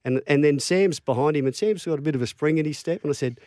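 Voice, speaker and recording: A middle-aged Australian man, a former rugby league player, telling lively stories in casual chat and acting out the quotes. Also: fast talker, no echo, clean studio sound. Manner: animated yarn-spinner, acts out quotes with big pitch jumps.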